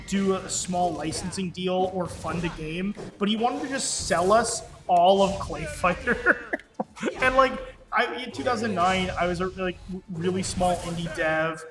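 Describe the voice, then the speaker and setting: High-voiced man, excited storyteller. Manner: excited storyteller, laughs and swears. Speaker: indie game developer co-hosting a stream. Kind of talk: casual chat while playing. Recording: echoey room with game music.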